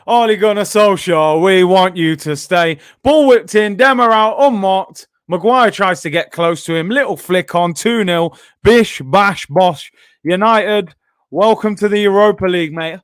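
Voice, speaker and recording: A young man hosting a live football watchalong, bantering with chat and reacting loudly to the game. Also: high-pitched, unhurried, clean tone, dry recording, clean studio sound. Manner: banter-heavy, erupts into shouting at goals. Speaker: watchalong host.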